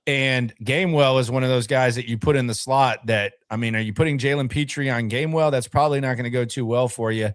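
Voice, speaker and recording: A man's voice: mid-range voice, steady tone, a little fast, few pauses, no room sound, studio quality. A man co-hosting a casual sports talk show, chatting about football and reading viewer comments aloud.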